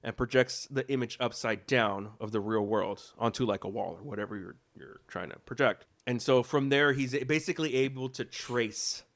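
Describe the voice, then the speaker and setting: A man's voice: mid-range voice, normal speed, hardly any pauses, a bit bright. Joking young man hosting a podcast. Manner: rambling, joking, self-correcting. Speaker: podcast host. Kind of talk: casual chat. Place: home.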